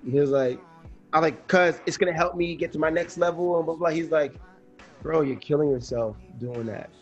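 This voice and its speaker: Higher-voiced man, relaxed, laughing. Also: a little fast, highs cut off, faint music behind. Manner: laid-back, laughs often while telling anecdotes. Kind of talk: casual podcast chat.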